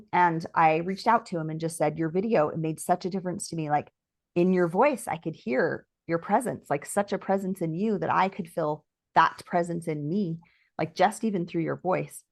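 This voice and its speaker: A woman telling her personal story as an interview guest, earnest and reflective, often using "like" and sometimes slowing to a soft, near-whispered pace. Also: fairly low pitch, creaky, no room sound. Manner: earnest and reflective, with many "like" fillers.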